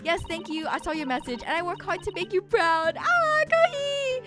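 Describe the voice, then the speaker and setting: A woman streaming a game, reading its dialogue and chatting with viewers in an animated, indignant way. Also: very high-pitched, a little fast, soft background music.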